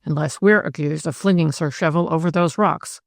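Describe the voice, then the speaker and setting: A woman narrator voicing a cool, calculating woman conspirator who talks with composure and jumps to sharp, bright rises. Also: sits low, moderate pace, gravelly, no echo, studio quality. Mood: anxious.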